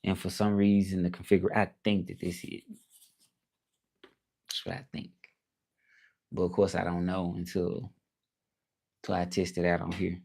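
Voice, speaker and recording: Laid-back Southern man, low voice. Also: monotone, moderate pace, gravelly, pauses often, a little mellow, slightly rough. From Memphis, Tennessee. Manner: loose, chatty, greets viewers by name. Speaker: livestream host. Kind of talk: casual livestream chat. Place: indoors at a laptop. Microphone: laptop.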